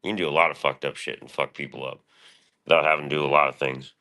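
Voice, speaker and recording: A man's voice: extremely low pitch, fairly even intonation, fast, sharp tone. A man streaming, talking in a rambling, boastful, swear-filled monologue.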